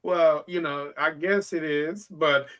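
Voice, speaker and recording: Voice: medium pitch, slow, a bit bright. A podcast host who keeps the chat laid-back and jokey while interviewing a guest.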